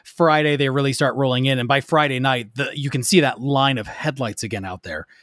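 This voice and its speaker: Male guest, a band's lead singer, mid-pitched, chatty and stumbling, dry close sound. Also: a little fast, a bit bright, no room sound. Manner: rambling, stumbles and restarts, jokey. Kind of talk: casual chat.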